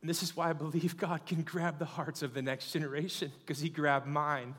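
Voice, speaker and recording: A man's voice: fairly high pitch, little pitch movement, fairly quick, big-room sound. A man in his thirties preaching a sermon, calling out to the congregation and building to fervent peaks. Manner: call-and-response, rising to fervent shouting.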